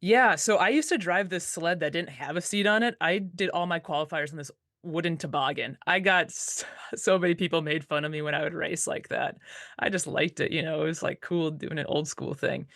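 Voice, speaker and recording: A woman dog musher as an interview guest, telling stories in a relaxed, casual way with lots of "like" fillers and easy laughs. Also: deep voice, fairly quick, no echo, clean studio sound.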